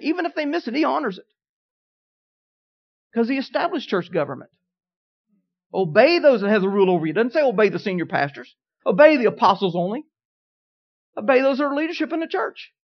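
Man, pastor, folksy sermon storyteller with big swings in loudness; dull lo-fi recording. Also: sits high, creaky.

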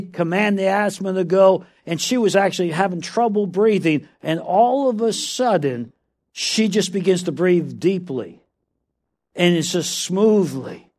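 A man preaching a sermon, telling a story and then building to loud, emphatic declarations, often calling out "come on now.". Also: sits high. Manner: repeats "come on now" to the audience.

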